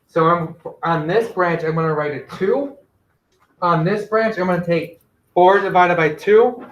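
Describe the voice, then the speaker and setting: A male teacher giving a classroom math lesson, gently directing students and quizzing them with questions. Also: high voice, a little slow, dull audio. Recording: echoey classroom.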